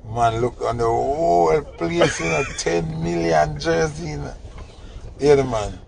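A man with a Jamaican accent telling a funny story in casual chat, animated and laughing. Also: on the high side, measured pace, gravelly, crowd noise. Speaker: host.

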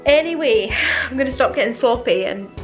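A young British woman talks into a handheld camera in a chatty, gushing vlog style, her voice sitting a little high for a woman. Faint music plays softly behind her. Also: animated, fairly quick. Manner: chatty, gushing, full of "like" fillers. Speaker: vlogger. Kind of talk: casual vlog chat.

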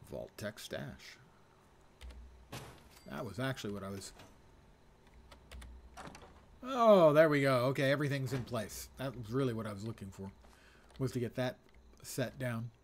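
A man's voice: mid-range voice, normal speed, long pauses, a little hiss or hum. A middle-aged man streaming a game, casually thinking aloud as he reads menu items. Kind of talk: casual live gameplay commentary.

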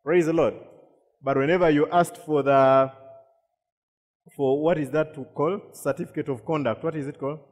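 A man's voice: a little high, steady tone, moderate pace, pauses often, a little mellow. A man preaching a sermon, repeating words and asking the congregation questions. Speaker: pastor. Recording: long reverb of a hall.

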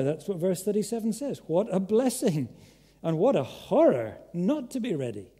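A man's voice: high voice, big pitch swings, moderate pace, warm tone, husky. A man preaching a sermon, earnest and emphatic, pressing his listeners with direct questions. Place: large church hall. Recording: echoey church hall.

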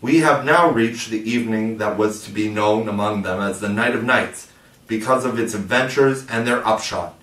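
A man reading a storybook aloud in a measured, expressive way. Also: on the low side. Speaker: audiobook narrator. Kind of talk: storybook narration. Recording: roomy, distant mic.

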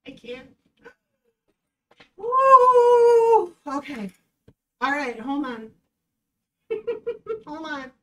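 A woman dog trainer giving casual reaction commentary, animated and sarcastic, often breaking into laughter. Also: high-pitched, slow pace, long pauses, far from the mic, a little hiss or hum, low-quality recording.

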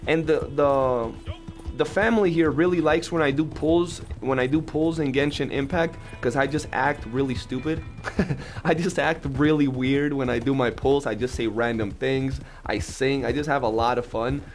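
A young man chatting casually on a live game stream, talkative and slangy, telling animated stories to his chat. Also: medium pitch, moderate pace, faint music behind.

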